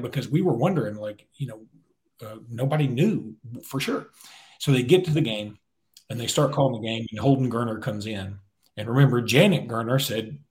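A man co-hosts a casual sports chat. He tells stories with a relaxed drawl and laughs at his own jokes. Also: medium pitch, a little fast. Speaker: podcast co-host.

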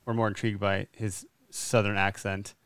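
A man's voice: lowish voice, little pitch movement, normal speed, crowd noise. A man hosting a podcast, asking curious, joking questions with some casual swearing. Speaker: podcast host.

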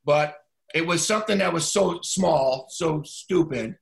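A man's voice: on the high side, a little slow, vocal fry. A man in his sixties, a former football coach, telling a story in a casual podcast chat and acting out both sides of a phone call.

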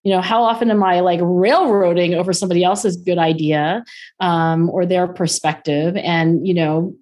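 A woman in her forties, a guest on an interview show, talking fast and filling her speech with "like" and "um". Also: fairly low pitch. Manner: animated, acts out quoted dialogue in raised voices. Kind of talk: conversational interview.

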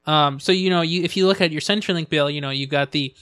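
A man with a fairly high voice chats casually as a podcast co-host, trailing off and filling gaps with ums and quick mm-hmms. The sound is dry and close, with no room echo. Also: fairly bright tone, clean tone. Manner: chatty, trailing fillers, frequent mm-hmms. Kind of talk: casual chat.

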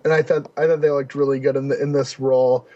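A man's voice: mid-range voice, level tone, fast, dark tone, dull audio. A man co-hosting a casual podcast chat about wrestling, enthusiastic and rambling with fillers. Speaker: podcast co-host.

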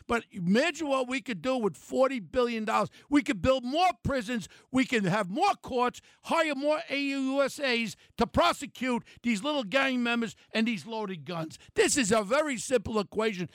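An older man, delivering a blunt, angry talk radio rant and shouting at times. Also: very high-pitched, expressive, moderate pace, hardly any pauses, no room sound, studio quality.

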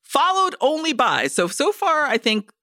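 A woman's voice: high-pitched, unhurried, no echo, clean studio sound. A woman co-hosting a casual movie-review podcast, ranting with lots of swearing. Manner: animated, profane ranting with acted-out quotes. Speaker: podcast co-host.

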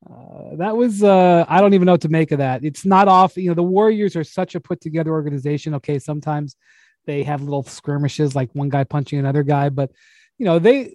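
A man hosting a podcast in casual chat, telling anecdotes in an animated way and laughing as he goes. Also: fairly high pitch, no echo. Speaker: podcast host.

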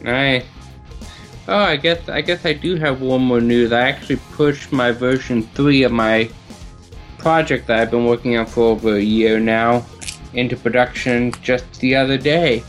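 A man's voice: mid-range voice, steady tone, normal speed, soft background music. Dry-humored male podcast co-host. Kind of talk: casual chat.

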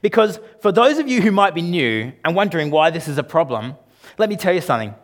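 A man's voice: big pitch swings, fast talker. A man preaching a sermon as pastor, emphatic and conversational, often putting questions to the congregation. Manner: emphatic, rises and drops in pitch and loudness for emphasis.

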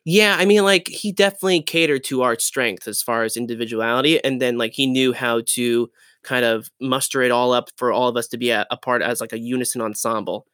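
A young man, a Broadway dancer, chatting as an interview guest, animated and laughing often as he tells stories. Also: mid-range voice, fairly quick, clean tone, no room sound, clean studio sound. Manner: animated, laughs often, restarts and trails off mid-sentence. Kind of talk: casual interview storytelling.

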